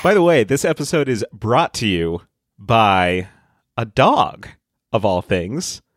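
A man's voice: fairly low pitch, very animated, slow, over music. A man co-hosting a podcast in casual banter, playful and giggly. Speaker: podcast co-host.

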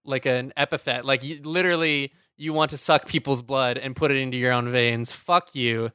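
A man's voice: mid-range voice, fairly even intonation, normal speed, bright, forceful tone, clear, resonant tone, no room sound. A man co-hosting a podcast in casual chat, ranting and swearing with sarcasm. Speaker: podcast co-host.

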